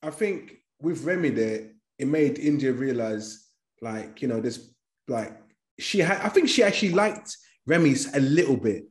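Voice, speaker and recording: A man's voice: mid-range voice, lively intonation, measured pace. A young man in casual podcast chat, chiming in and agreeing with slangy asides.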